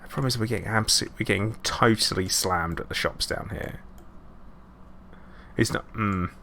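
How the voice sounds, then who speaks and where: A man chats casually through a live game stream, rambling and poking fun at himself. His voice sits low and has a gravelly texture. Faint keyboard typing ticks along behind him. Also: normal speed, bright, forceful tone, a little hiss or hum. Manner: chatty, rambling, self-mocking asides. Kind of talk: casual live gameplay commentary.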